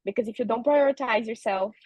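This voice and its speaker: Gentle woman giving advice. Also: on the high side, fast talker, no room sound, low-quality recording. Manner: gentle advising, many fillers like "you know". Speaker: guest, holistic nutritionist. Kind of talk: interview, advice.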